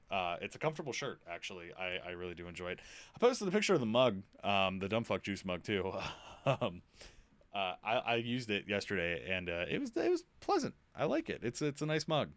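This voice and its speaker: A man's voice: sits low, animated, fairly quick, a bit bright, clean tone, no echo. A young man streaming a game, chatting casually and rambling while he plays. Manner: rambling, chatty, self-interrupting. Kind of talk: casual live-stream chat.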